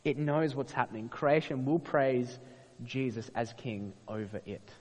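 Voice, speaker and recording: Casting note: male preacher, expressive, rhetorical questions, long church-hall reverb. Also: medium pitch, measured pace, dull audio. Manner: expressive, rhetorical questions, acts out quoted voices. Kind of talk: sermon.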